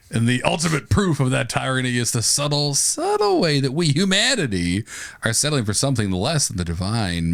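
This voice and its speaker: Male podcast co-host, dramatic and jokey, big swings in pitch. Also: vocal fry, fairly bright tone, no room sound, clean studio sound. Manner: theatrical, laughs easily. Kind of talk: comedic scripted banter.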